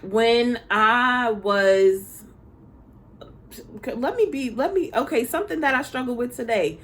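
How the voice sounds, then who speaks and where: A woman's voice: a little high, slow, a bit bright. A woman who used to be a schoolteacher gives a casual spiritual talk to her viewers. She speaks candidly, swears and laughs often, and addresses them directly as "y'all.". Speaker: spiritual teacher, former schoolteacher.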